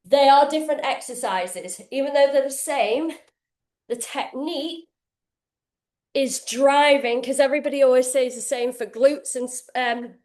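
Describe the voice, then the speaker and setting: A woman coaching a workout live from her kitchen, breathless as she demonstrates moves. Her voice sits high and her talk is casual and energetic, with the odd swear word. The room gives it a noticeable echo. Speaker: fitness coach. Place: home kitchen, indoors.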